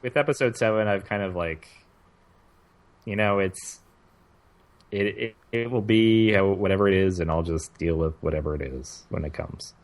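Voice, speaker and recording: A man with a very deep voice co-hosts a relaxed podcast conversation. He thinks aloud, circling back and restarting phrases as he builds his point. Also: normal speed. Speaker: podcast co-host. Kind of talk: casual chat.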